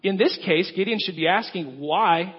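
Pastor guy preaching, kinda husky, bit high voice, long hall echo, dull sound. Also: moderate pace. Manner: storytelling preacher, animated rises on quoted questions. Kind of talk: sermon.

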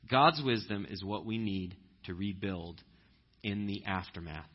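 A man preaching a conversational sermon, telling stories and breaking into loud animated impressions. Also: low-pitched, measured pace, muffled recording. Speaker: pastor.

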